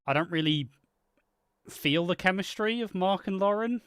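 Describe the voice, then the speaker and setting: A man's voice: high-pitched, normal speed, a bit bright, smooth, dry recording, studio quality. A man co-hosting a live watch party, chatting bluntly with frequent swearing and laughter. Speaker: co-host reacting to a soap episode. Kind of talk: casual watch-party chat.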